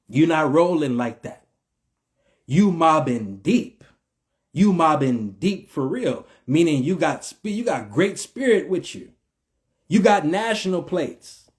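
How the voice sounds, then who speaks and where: A man from the United States speaks in a fairly high voice and preaches his points in an emphatic, repetitive way. He uses casual slang and a rolling, preacher-like cadence. It is a solo vlog monologue. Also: lively intonation, a little slow. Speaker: vlogger.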